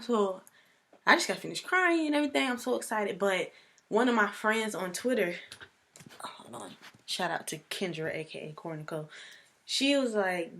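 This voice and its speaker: A young woman vlogging casually, telling a personal story in a chatty, animated way. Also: mid-range voice, moderate pace.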